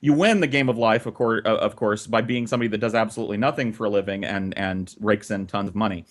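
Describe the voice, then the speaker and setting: A podcast co-host with a lowish voice talks at a quick pace. He tells a long story casually and animatedly, swearing often.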